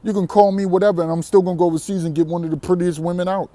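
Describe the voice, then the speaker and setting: A man's voice: high-pitched, quick pace, few pauses, mellow, no room sound. A man vlogging a brash, defiant monologue to camera, boastful and profane, often breaking into laughter. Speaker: vlogger on dating abroad.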